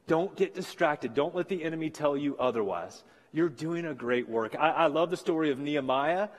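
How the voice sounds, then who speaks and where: A pastor in his forties preaches to his congregation, his fairly high voice carrying through a large, reverberant sanctuary. He talks earnestly and encouragingly, repeating his main lines for emphasis. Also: moderate pace, few pauses. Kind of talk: sermon. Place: church sanctuary.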